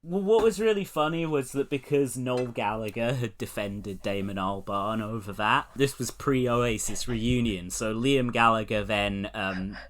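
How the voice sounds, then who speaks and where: A man's voice: medium pitch, unhurried, few pauses, a bit bright. A man from England hosting a podcast in casual chat, sweary and joking, laughing often. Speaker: podcast host.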